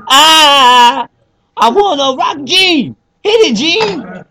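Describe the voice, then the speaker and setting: A man doing a flamboyant high-voiced rock star. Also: lively intonation, drawn-out words, heavily acted. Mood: showy. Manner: high, exaggerated put-on accent, shouting lines. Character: flamboyant male rock-star singer impression, loud and showy.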